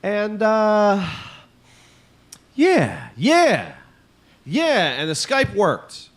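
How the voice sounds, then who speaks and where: A man's voice: high-pitched, huge pitch swings, very slow. A man co-hosting a comedy podcast, telling rambling, profane stories in casual chat. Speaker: podcast co-host.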